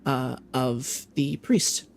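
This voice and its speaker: A man running a tabletop game as game master, describing scenes in a halting way with many ums and restarts. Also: medium pitch, steady tone, vocal fry, a little hiss or hum.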